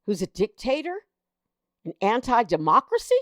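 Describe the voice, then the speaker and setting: Speaking at a normal speed in a fairly high, slightly bright, sing-song voice, this American host of a political commentary show reads headlines and responds with exasperated, indignant disbelief. The studio-quality recording has no room sound.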